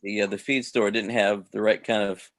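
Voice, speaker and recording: A man's voice: fairly low pitch, level tone, moderate pace. A man talking casually on a video call, rambling with lots of restarts and fillers. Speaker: host.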